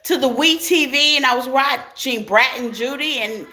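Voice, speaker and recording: Chatty and laughing a lot, a female tarot reader talks directly to her viewers during an informal reading. Her pitch is high, her tone sharp, and her pace moderate, with background noise clearly audible.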